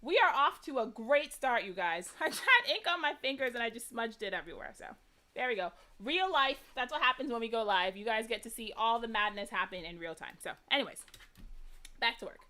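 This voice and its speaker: A woman's voice: fairly high pitch, animated, brisk, bright, forceful tone. A young American woman hosting a live crafting stream, chatting casually and laughing at herself while she works. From United States. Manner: chatty, self-deprecating, laughs often, greets viewers by name. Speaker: crafting livestream host.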